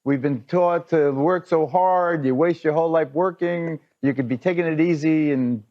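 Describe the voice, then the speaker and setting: Punchy high-voiced TV host. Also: male voice, moderate pace. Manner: punchy, sarcastic setup. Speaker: TV panel host. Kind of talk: broadcast panel commentary. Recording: dull, lo-fi TV clip audio.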